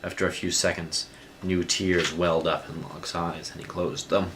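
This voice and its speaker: A man reading a novel aloud as narrator in a slow, steady manner. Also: low voice, very noisy. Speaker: audiobook reader. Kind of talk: scripted narration.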